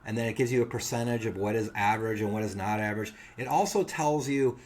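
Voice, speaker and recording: A man's voice: on the low side, quick pace, a little mellow, a little hiss or hum. A man co-hosting a podcast, telling a funny story in casual chat and acting out the other people's lines. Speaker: podcast co-host.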